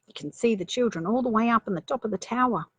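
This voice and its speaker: A woman's voice: on the high side, quick pace, noisy background. A woman reading a children's story aloud, playful, with chatty asides.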